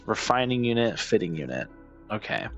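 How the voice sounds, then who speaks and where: A man talks through a game, self-deprecating and swearing under his breath. His voice sits low with a gravelly edge. Soft game music plays behind him. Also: very animated, normal speed. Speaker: gaming streamer. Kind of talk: casual gameplay commentary.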